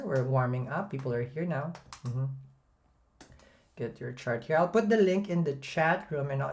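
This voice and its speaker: A low-pitched woman chats loosely through a livestream, greeting viewers one by one. She is middle-aged, talks in a friendly rambling way, and laughs often between her remarks. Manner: chatty, laughs often, shout-outs to viewers. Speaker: astrology livestream host. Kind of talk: casual livestream chat reading comments.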